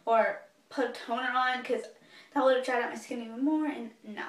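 Bubbly high-voiced young woman vlogger. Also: fairly even intonation, fairly quick. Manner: bubbly, gushing. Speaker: beauty vlogger. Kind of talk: casual product review. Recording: echoey room, voice a bit far from mic.

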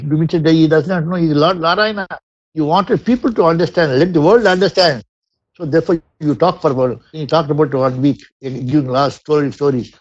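A man's voice: a little high, moderate pace, darkish tone, no room sound. A man with an Indian English accent gives a spiritual discourse, reciting Sanskrit verses and explaining them in English, often restarting his sentences. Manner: frequent restarts and repetitions. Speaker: satsang speaker. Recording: dull lo-fi dry recording.

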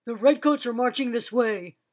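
A woman's voice: medium pitch, slow pace. Lady reading as a tired young messenger guy, urgent warning, storybook voice.

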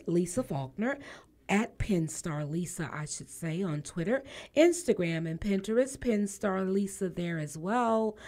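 A woman's voice: medium pitch, mellow. A woman hosting a radio talk show in a studio, playful and teasing, laughing often.

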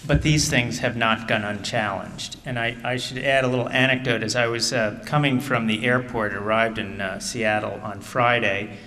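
A middle-aged man, an author speaking at a book event, reading aloud in measured tones and then telling a casual story full of fillers. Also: mid-range voice, steady tone, bright, forceful tone, a little hiss or hum. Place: theater stage. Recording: distant mic in a reverberant theater hall.

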